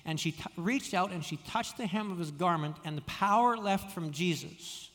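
A man preaching a sermon, telling stories with frequent restarts and stammered repeats, dropping soft when quoting. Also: high voice, moderate pace, long reverb tail. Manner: storytelling, many restarts and stammered repeats, drops soft for quoted words. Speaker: pastor.

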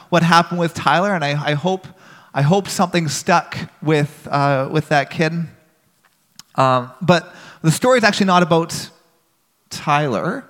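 A man's voice: on the high side, fairly bright tone, big-room sound. A man earnestly telling a personal story to a church audience in a conversational way.

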